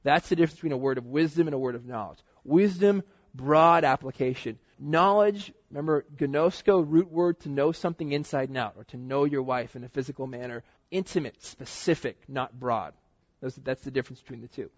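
A man preaching a sermon, telling personal stories in a casual, slangy, animated way. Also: medium pitch, a little fast. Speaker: pastor. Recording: dull lo-fi recording.

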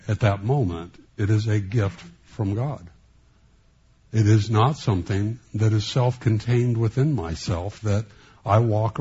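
A man preaches with a low, mellow voice that has a husky edge. He speaks haltingly, restarting his phrases often, and he lets some sarcasm slip into his preaching. The recording sounds dull and lo-fi. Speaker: pastor. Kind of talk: sermon.

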